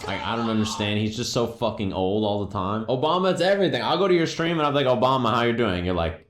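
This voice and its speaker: A man's voice: mid-range voice, lively intonation, fast talker. A man live-streaming, chatting casually and profanely, riffing on chat messages and doing mocking impressions. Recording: roomy echo.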